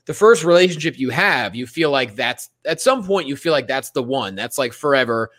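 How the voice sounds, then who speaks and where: A man's voice: medium pitch, lively intonation, normal speed, fairly bright tone. A young man from Pennsylvania, a comedian telling a self-mocking story in a casual podcast chat.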